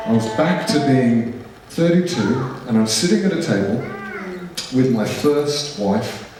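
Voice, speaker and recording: A man's voice: medium pitch, darkish tone. A middle-aged man, earnestly telling a personal testimony to a church gathering. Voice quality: earnest, emotional storytelling. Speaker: speaker. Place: large echoey church hall. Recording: echoey hall, distant mic, noisy.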